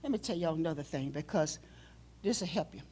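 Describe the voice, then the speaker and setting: Husky-voiced woman preaching with sweeping intensity. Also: low voice, animated, fairly quick. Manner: emotional, swings from loud outbursts to near whispers. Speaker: pastor. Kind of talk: sermon. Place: church.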